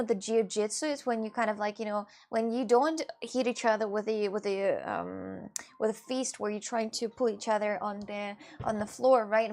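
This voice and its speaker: A woman's voice: on the high side, darkish tone. A woman with a chatting casually to her viewers, rambling and restarting with many fillers. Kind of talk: casual chat.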